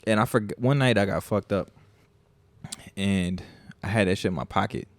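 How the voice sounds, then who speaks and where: Gravelly low-voiced man, casual podcast talk. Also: normal speed. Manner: profane, animated storytelling. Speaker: podcast co-host. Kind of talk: casual chat.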